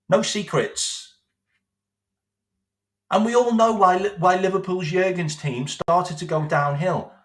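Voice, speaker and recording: With a high-pitched, slightly bright voice in a roomy-sounding recording, a man hosting a football vlog delivers a sarcastic, sweary rant that keeps repeating its points.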